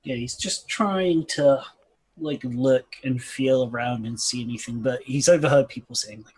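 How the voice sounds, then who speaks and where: Brief: husky male player, laid-back and a bit unsure. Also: mid-range voice, moderate pace, darkish tone, poor audio. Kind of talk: tabletop role-play.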